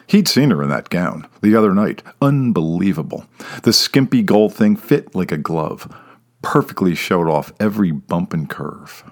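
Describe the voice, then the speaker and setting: A man's voice: sits low, lively intonation, moderate pace. A man narrating a comic story in a wry, playful way.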